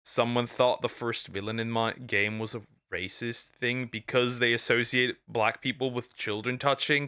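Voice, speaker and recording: Man, streamer, reaction commentary, bright tone, crude, animated, laughs, repeats words. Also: mid-range voice, moderate pace, few pauses, clear, resonant tone.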